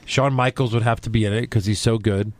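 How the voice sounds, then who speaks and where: A man co-hosting a podcast, blunt and excitable in casual chat. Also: fairly low pitch, fairly quick, dry recording. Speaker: podcast co-host.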